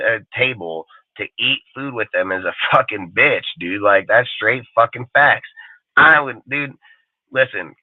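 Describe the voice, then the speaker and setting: A man with a mid-range voice hosts a live stream, ranting angrily, swearing nonstop, and mocking how other people talk. The recording has no room sound and comes across tinny and dry, like a phone.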